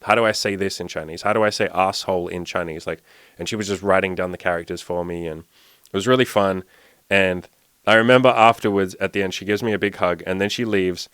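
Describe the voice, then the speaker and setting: In a casual storytelling monologue, a young man who works as a dating and self-improvement coach rambles along, using "like" constantly. He speaks briskly in a low, steady, smooth voice that's a bit bright, with no echo in the recording.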